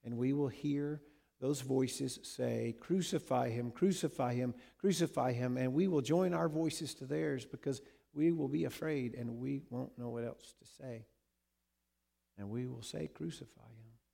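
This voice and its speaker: A male preacher with a gravelly, mellow voice. He delivers his sermon with dramatic swings, rising to loud emphasis and then dropping to hushed, repeated words. His voice stays at a middle pitch throughout. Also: fairly even intonation, unhurried. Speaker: pastor.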